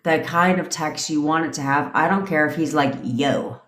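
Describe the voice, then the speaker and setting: A low-voiced woman coach rants on a livestream in a blunt way and swears freely. She keeps checking in with her listeners. The room has a noticeable echo. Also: steady tone, a bit bright. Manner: blunt, swears freely, fast talk with repeated "okay?". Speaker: manifestation coach. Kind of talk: livestream rant.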